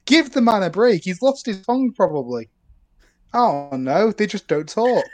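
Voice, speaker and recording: A man chatting casually as co-host of a film podcast. He talks in an animated, playful way. His voice sits a bit higher than most men's. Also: moderate pace, a little hiss or hum. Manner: animated, joking, quotes actors' lines.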